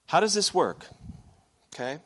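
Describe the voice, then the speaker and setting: A man's voice: a little high, big pitch swings, a little slow, breathy edge. A male pastor preaching a sermon in a conversational way, with frequent "okay" check-ins and fillers.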